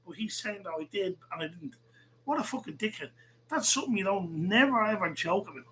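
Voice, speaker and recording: A man hosts a podcast in an angry, swearing rant, circling back to the same points again and again. His voice sits slightly higher than most men's. Faint noise runs underneath. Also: animated, brisk, sharp tone, rough recording. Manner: heated, profane, repeats himself. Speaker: podcast host. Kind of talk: angry ranting monologue.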